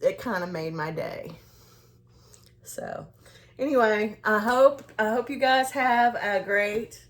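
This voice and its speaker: A woman vlogger telling a casual story to her viewers, rambling along with many restarts and fillers as she talks to the camera. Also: medium pitch. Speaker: skincare and self-care vlogger.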